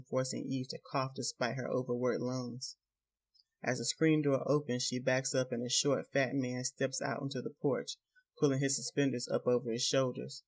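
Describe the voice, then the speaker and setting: Man narrating a novel. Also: mid-range voice. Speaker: audiobook narrator. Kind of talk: scripted narration.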